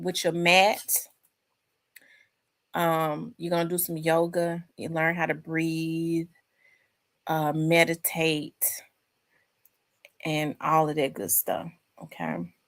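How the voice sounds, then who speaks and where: A woman's voice: on the low side, a bit bright. A woman hosting a casual live chat from home, rambling and talking to her viewers. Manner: chatty, rambling, addresses viewers as y'all. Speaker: host.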